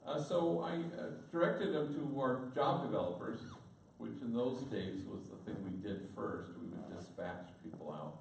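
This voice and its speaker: A man's voice: mid-range voice, lively intonation, normal speed, creaky, hardly any pauses, a little mellow, a little hiss or hum. A man, a priest, giving a storytelling talk to an audience and slipping in Spanish words. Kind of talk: storytelling speech. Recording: distant echoey room recording.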